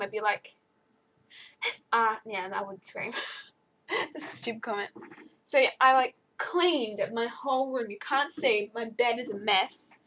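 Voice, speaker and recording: A teenage girl chatting to camera from her bedroom, rambling and jumping high when excited. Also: slight background noise. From Australia. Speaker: vlogger. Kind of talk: casual chat to camera.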